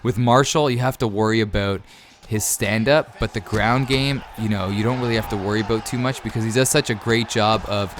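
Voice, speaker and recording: A man's voice: lowish voice, fairly even intonation, fairly quick, slight background noise. A man in his thirties, a gaming YouTuber, chatting casually as he reads out and answers viewer questions over gameplay.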